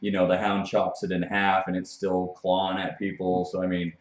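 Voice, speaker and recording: A man with a very deep voice retells a TV episode in a loose, chatty way and slips into the characters' lines as he goes. The sound is dull and lo-fi, and the room echoes around him. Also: completely flat delivery, moderate pace. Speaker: show co-host. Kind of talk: casual TV recap chat.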